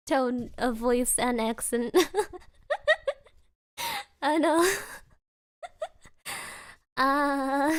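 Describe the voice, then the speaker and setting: Young woman streamer, high voice, slow giggly chatter with Japanese filler words. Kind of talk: casual chat stream.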